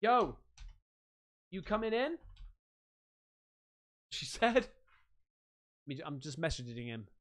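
A man chatting on a livestream, bursting with excitement and casual slang. His voice leaps up and down in pitch as he chats with viewers. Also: slow, pauses often. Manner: excitable, slangy, swearing, laughs a lot. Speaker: livestream host. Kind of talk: casual live-stream chat.

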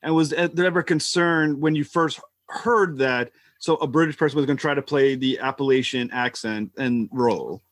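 A man's voice: medium pitch, moderate pace, hardly any pauses, dry recording. A man hosting a podcast interview, easygoing and chatty, often restarting his sentences. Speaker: podcast host. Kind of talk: casual interview chat.

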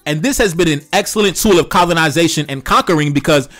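A man's voice: on the high side, quick pace, fairly bright tone, faint music behind. A man giving heated opinion commentary, lecturing in a repetitive, profane rant. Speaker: online commentator.

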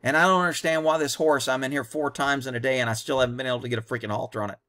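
A man's voice: mid-range voice, steady tone, rapid-fire, pushed and bright. A man hosting a commentary on a training video, talking bluntly and combatively in short, punchy explanations.

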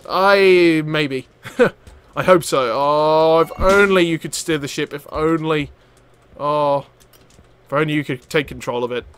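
Hyped up guy doing game commentary, bright voice, swears at the enemies a lot. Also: a little high, a little hiss or hum. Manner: excitable, loud outbursts and swearing, frequent laughter; chatty, talks to enemies on screen. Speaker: gaming channel host. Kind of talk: let's play commentary.

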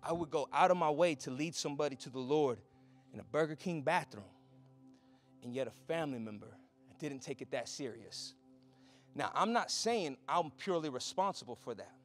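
A man preaching a sermon as a pastor, moving from quiet storytelling to loud, rising exhortation. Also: a little high, normal speed, soft background music.

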